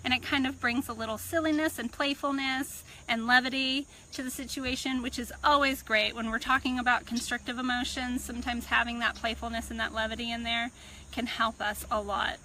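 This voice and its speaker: Woman coach, bright tone, unhurried and thoughtful, recorded outside with soft insect and bird sounds. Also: fairly high pitch, slight background noise, poor audio. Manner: calm, reflective, unhurried teaching. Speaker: personal growth coach. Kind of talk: self-help talk to camera. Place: outdoors on a farm. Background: birds and crickets.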